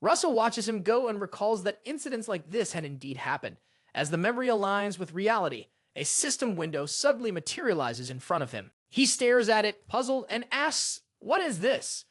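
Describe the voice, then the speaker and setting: Recorded close on a voice-over mic with no room sound, a narrator reads a fantasy comic recap as steady, scripted storytelling in a medium-pitched voice.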